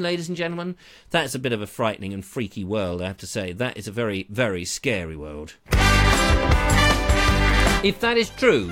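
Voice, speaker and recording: A middle-aged man, hosting a rambling live stream with theatrical rants, asides and sound effects. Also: high voice. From England. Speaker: live show host.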